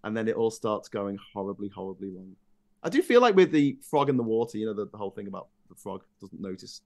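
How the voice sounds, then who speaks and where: A man co-hosting a casual political podcast, telling stories with dark humor. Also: lowish voice, quick pace. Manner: animated storyteller, dark humor. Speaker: podcast co-host.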